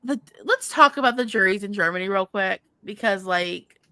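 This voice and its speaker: A woman's voice: mid-range voice, lively intonation, normal speed, pushed and bright, smooth, dry recording. A woman co-hosting a podcast in casual chat, chatty, laughing often and trailing off mid-sentence. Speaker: podcast co-host.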